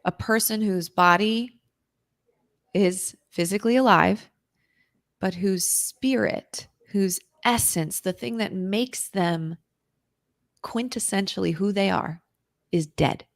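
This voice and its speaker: A woman, a guest on an interview show, telling an intense personal story in a vivid, dramatic way, at times dropping to a hushed whisper. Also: medium pitch, takes it slowly, pauses often, no room sound. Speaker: interview guest, recovery author.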